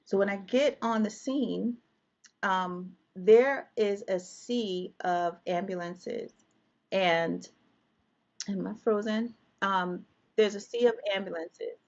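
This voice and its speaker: A woman's voice: mid-range voice, slow, a little mellow, muffled recording. A woman guest telling an emotional personal story, vividly reliving scenes with quoted dialogue.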